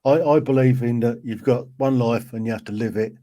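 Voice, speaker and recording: A man's voice: mid-range voice, steady tone, a little fast, mellow, no echo. A man hosting a podcast, speaking casually and offering brief, encouraging affirmations. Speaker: podcast host. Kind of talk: casual conversation.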